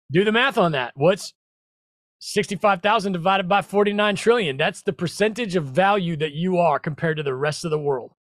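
A man with a high, lively voice rides big swings of pitch as he hypes his listeners, loud and salesy and quick to laugh. The sound is dry and close, with no room around it. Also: no room sound. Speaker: podcast host. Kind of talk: animated solo podcast talk.

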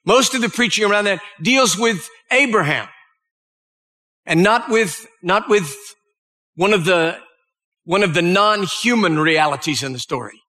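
A man delivers a sermon in a high-pitched voice. His tone is bright and forceful as he reads scripture aloud. He pauses to explain passages and leads his listeners in prayer. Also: animated. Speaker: pastor.

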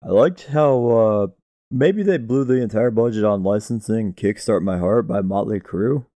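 A man's voice: lowish voice, normal speed, dark tone, no echo. A young man co-hosting a podcast, chatting casually with wry, profane asides. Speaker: podcast co-host. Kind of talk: casual chat.

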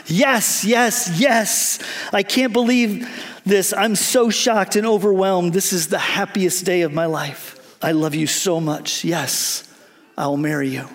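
A man's voice: on the high side, steady tone, measured pace, vocal fry. A man voicing an eager, fickle young woman who gushes and bargains with her fiancé. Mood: overjoyed. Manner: pleading, bargaining, gushing.

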